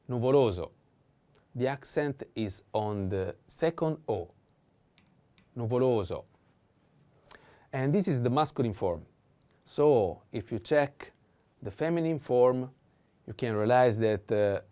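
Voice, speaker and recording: A man teaching vocabulary in a patient language lesson, repeating each word slowly and pausing with fillers. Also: medium pitch, warm tone. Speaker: Italian teacher.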